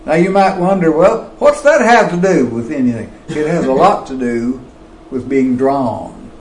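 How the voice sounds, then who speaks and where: Emphatic male preacher, slow deliberate sermon delivery with swooping intonation. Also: lively intonation, roomy sound, poor audio. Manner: slow and emphatic, with wide swings of pitch and loudness.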